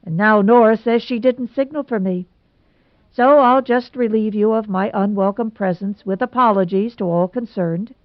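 A woman's voice: mid-range voice, moderate pace, no room sound, natural voice. A woman voicing a sulky, exasperated young man in a storybook reading. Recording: dull lo-fi recording.

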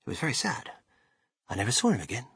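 A man voicing an eccentric, excitable male candy factory owner in an audiobook, theatrical and exclamatory with swoops into high shouts. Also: fast, husky, no echo, studio quality, full character voice. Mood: mock-sad. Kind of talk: audiobook character reading.

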